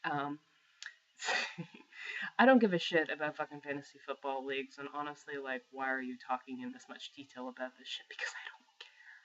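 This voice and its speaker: A young adult gaming vlogger in a profane, exasperated rant, sarcastic and animated, mocking what others said. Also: medium pitch, moderate pace, highs cut off. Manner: animated, mocks others with put-on quotes. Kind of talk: angry rant to camera.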